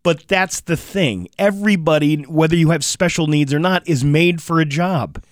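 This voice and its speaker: A man casually telling a personal anecdote on a talk show, animated and acting out what people said. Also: a little high, moderate pace, no echo, studio quality. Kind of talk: casual chat.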